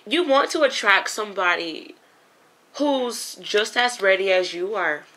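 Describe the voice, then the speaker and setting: Woman, tarot reader, bright tone, talks to viewers like friends, casual and emotional. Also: medium pitch, lively intonation, a little slow. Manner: chatty, emotional, swears casually, addresses viewers as honey and you guys. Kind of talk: casual spoken tarot reading.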